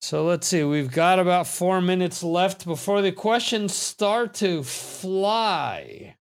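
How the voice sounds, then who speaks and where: A man's voice: sits high, expressive, slow. A man hosting a live trivia stream, chatting casually into his computer microphone and reading viewer comments aloud in a rambling way. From United States. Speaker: trivia show host.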